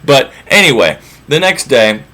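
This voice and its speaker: A man's voice: medium pitch, sing-song, unhurried, pushed and bright. A man retelling an old myth as comedy, casual, irreverent and profane. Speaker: storyteller.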